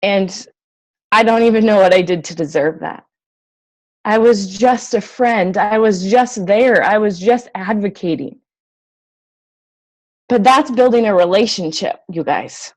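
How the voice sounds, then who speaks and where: A woman's voice: mid-range voice, lively intonation, unhurried. Earnest young woman telling a heartfelt story. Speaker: health coach. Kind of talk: emotional personal story to an audience.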